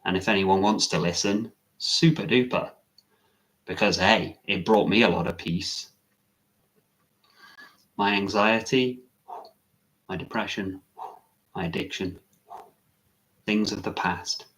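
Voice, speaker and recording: A man's voice: on the low side, slow, long pauses, fairly bright tone, a little hiss or hum. A man, a meditation teacher, chatting casually on a live stream, musing and correcting himself as he answers viewer comments.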